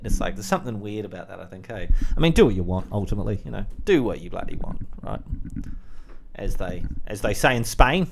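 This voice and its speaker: A man's voice: on the low side, lively intonation, quick pace, slight background noise. A man streaming on his own, rambling through a casual monologue with crude jokes, fillers and side remarks. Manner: crude, joking, full of fillers and asides.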